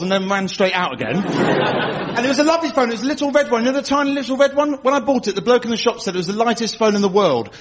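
A man does stand-up, spinning cheeky, rambling stories and teasing the crowd. His voice sits high and leaps around in pitch. It comes through a dull live radio recording with an audience all around. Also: noisy background. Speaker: stand-up comedian. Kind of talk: stand-up comedy routine. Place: comedy venue with live audience.

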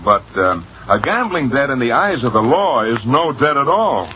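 A man's voice: mid-range voice, big pitch swings, normal speed, lightly acted. An actor playing an easygoing young man caught in a debt, wry and hesitant, in 1940s radio acting. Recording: dull old radio broadcast with faint hiss.

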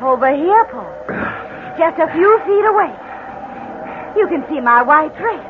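A woman's voice: sits high, expressive, measured pace. An actress playing a cold, vengeful young wife who taunts her husband in theatrical 1940s radio style. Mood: gloating, vengeful. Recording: tinny lo-fi old radio recording with hiss.

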